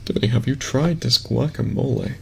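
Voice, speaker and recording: A man putting on a bland, smug casual young man's voice, low and drawn out, on a noisy home stream mic. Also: brisk, gravelly, a bit bright.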